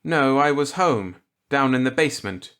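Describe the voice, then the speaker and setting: A man voicing a panicked middle-aged shopkeeper, pleading and shouting in desperation. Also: medium pitch, animated, moderate pace, smooth, voice pushed up. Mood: shaken.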